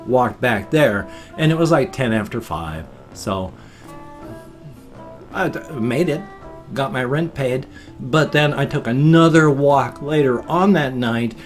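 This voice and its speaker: An older American man chatting casually on his daily vlog, rambling and self-deprecating as he tells a story. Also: mid-range voice. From United States. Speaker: vlogger.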